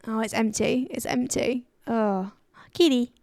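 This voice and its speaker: A woman's voice: on the high side, fairly even intonation, normal speed, vocal fry, dry recording. A woman streaming a game, chatting casually, giggling and reading chat aloud, her voice a little worn. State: voice a bit worn.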